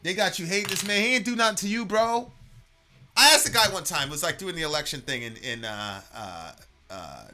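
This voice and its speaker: A man's voice: high voice, fairly quick, a little hiss or hum. A man delivering a heated political rant, swearing freely and stumbling over restarts and fillers. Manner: animated, profane, many fillers and restarts.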